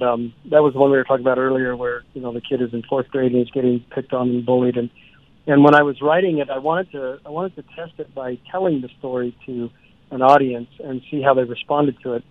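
A man who writes children's books, telling a story from a school visit in a relaxed way, with many fillers. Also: mid-range voice, dry recording. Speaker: children's author. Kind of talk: storytelling in a radio interview. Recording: dry tinny phone line.

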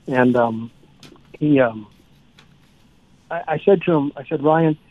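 A man's voice: a little high, slow, no room sound. Man telling a story over the phone. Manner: relaxed anecdotal storytelling with frequent fillers. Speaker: children's author. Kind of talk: storytelling in a radio interview. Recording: dry tinny phone line.

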